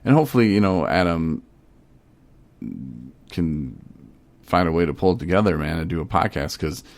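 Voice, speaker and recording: A man's voice: sits low, normal speed, no echo. A man hosting a podcast, telling stories in a rambling, laid-back, casual way. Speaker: podcast host.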